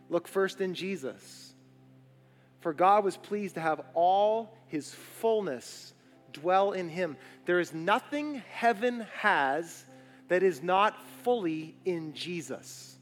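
Male pastor, high-pitched, emphatic repeating preacher; church hall echo, faint music bed. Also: fairly bright tone. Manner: preaching with rising intensity and emphatic repetition. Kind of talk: sermon. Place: church sanctuary.

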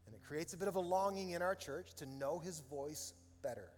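Animated high-voiced pastor preaching in a hall. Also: male voice, a little fast. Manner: animated storytelling, rising to loud emotional peaks. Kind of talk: sermon. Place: large church hall with live audience. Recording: reverberant hall with soft music behind.

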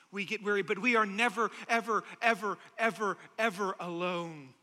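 A man preaching a sermon as pastor, impassioned, swinging between loud calls and hushed questions. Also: sits high, big-room sound.

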